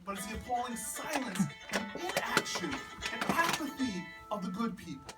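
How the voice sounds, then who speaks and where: A man speaking to a crowd at a house party, telling stories in a stump speech that builds from measured to loud, with laughing punchlines. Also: very high voice, big pitch swings, over loud music. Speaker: politician speaking at a campaign event. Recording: distant mic with background noise.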